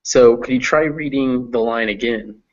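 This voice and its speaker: A man teaching English pronunciation in an online reading class, explaining patiently and modeling words slowly. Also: medium pitch, muffled recording.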